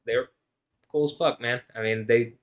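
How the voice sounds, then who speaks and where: A man's voice: mid-range voice, steady tone, normal speed. Rambling, profane man vlogging alone. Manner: rambling, profane, swings between mumbling and loud laughing. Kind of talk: rambling monologue.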